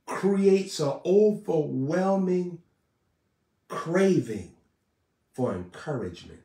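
A man preaching a live sermon in a fiery, repetitive style, building to shouts. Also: fairly high pitch, animated, slow, creaky, reverberant, distant mic.

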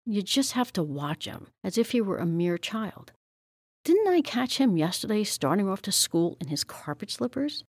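A woman reading aloud as a proud, bustling older spinster who talks briskly and fussily. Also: medium pitch, sing-song, a little mellow, husky, dry recording, clean studio sound. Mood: fussing. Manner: brisk, fussy, exclamatory.

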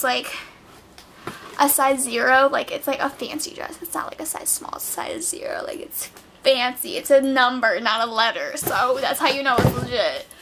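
Her voice is high-pitched and fairly bright as this teenage vlogger breezily talks through her clothing haul, filling it with "like" and sounding a little winded. The camera mic picks up slight background noise.

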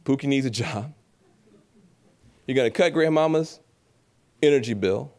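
A man giving a lively public speech at a gala, animated and preacherly, acting out voices and repeating phrases for emphasis. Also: mid-range voice, a little slow. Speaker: keynote speaker at an awards gala.

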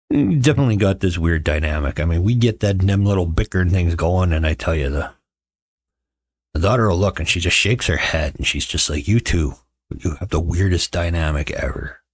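A man's voice: deep voice, animated, moderate pace, pauses often, no room sound. A middle-aged man hosting a casual livestream, chatting with viewers in a sarcastic, joking way and telling stories. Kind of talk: casual chat.

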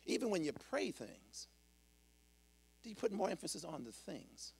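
Male pastor, sermon delivery; animated, gravelly voice that ranges widely. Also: high-pitched, normal speed. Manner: preaching that swings from hushed to shouted; exclaims "woo" between points.

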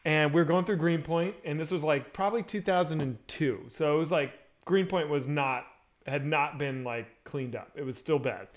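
A man on a livestream telling a story in an animated way, laughing through parts of his own tale. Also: fairly high pitch, moderate pace. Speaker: stream co-host. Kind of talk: casual storytelling chat.

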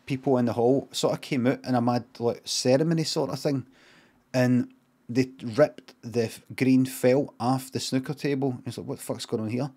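A middle-aged Scottish streamer with a medium-pitched voice improvises a comic story. He's deadpan and rambling, swearing freely and drifting off on tangents.

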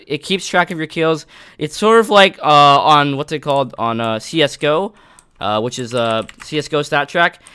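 A young man from Canada casually commentating his own gameplay, excitable and yelling at near misses. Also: medium pitch, clear, resonant tone. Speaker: gaming YouTuber.

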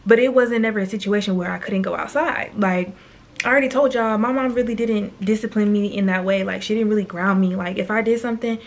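A woman's voice: mid-range voice, fairly even intonation. Slangy young woman telling a story. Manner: slangy, chatty, quick asides to viewers. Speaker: storytime vlogger. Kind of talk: casual storytelling to camera.

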